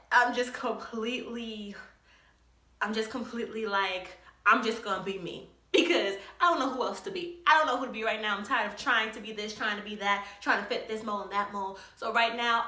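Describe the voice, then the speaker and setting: A young woman from New York City telling a storytime vlog in a chatty, animated way, with many likes and you-knows. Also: a little high. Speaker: vlogger. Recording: echoey room.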